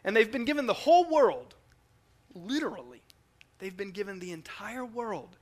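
A man preaching a teaching sermon in an emphatic, animated way, often repeating words as he goes. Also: high voice, normal speed.

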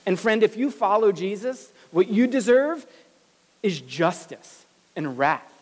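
A pastor preaching a sermon in a lively, animated way, acting out the voices of the people in the story. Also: medium pitch, measured pace, in a large hall.

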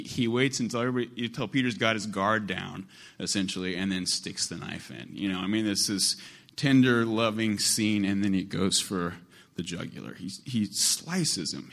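A male preacher delivers a sermon in a relaxed, conversational way. His voice sits on the low side. He repeats phrases and stacks them to build his point. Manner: conversational, repetitive, building emphasis.

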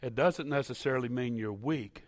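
A man preaching a sermon in a church, telling stories and at times rising to loud, impassioned shouting. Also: mid-range voice, normal speed. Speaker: pastor.

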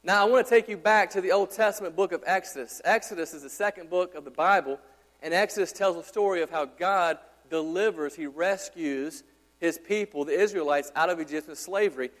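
A man's voice: high-pitched, fairly quick, a bit bright. A man in his thirties, a pastor, preaching an emphatic sermon with repeated rhetorical questions. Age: 30s. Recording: long hall reverb.

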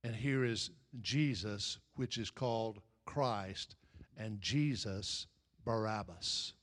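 A man preaching a sermon, building to loud emphatic peaks and then dropping low and slow.

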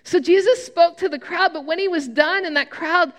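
High-voiced woman preaching in a reverberant hall. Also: moderate pace. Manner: storytelling, animated with frequent restarts. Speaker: pastor. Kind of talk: sermon.

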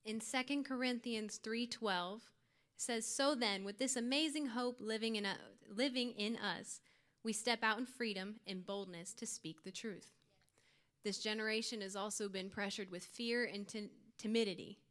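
A woman's voice: on the high side, normal speed, fairly bright tone. A young woman giving an earnest, informal youth sermon to her church group, with light laughs. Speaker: youth speaker.

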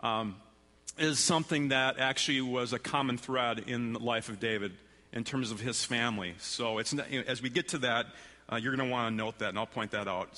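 A man's voice: mid-range voice, steady tone, brisk, sharp tone, big-room sound. A man preaching a sermon as pastor, reading scripture aloud with rising intensity and leading a prayer.

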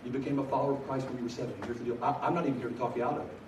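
Energetic preacher man, echoey room. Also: mid-range voice, racing, background noise. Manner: energetic storytelling, bursts of excitement. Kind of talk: sermon. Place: large room at a college gathering. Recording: echoey room from a distance, faint ambience.

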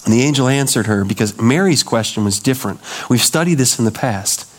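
A middle-aged male pastor preaching a sermon, telling stories with lively acted-out quotes. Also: mid-range voice, brisk. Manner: animated storytelling, acting out quoted voices.

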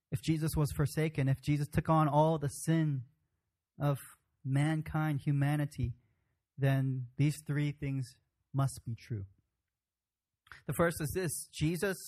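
Guy preaching, kinda higher voice, chatty, restarts a lot. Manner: informal, conversational preaching with frequent restarts. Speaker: pastor. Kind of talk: sermon.

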